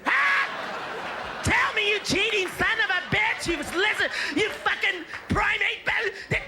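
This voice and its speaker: A man voicing a furious, jealous girlfriend who interrogates her partner in a high, strained scream. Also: unhurried, very noisy.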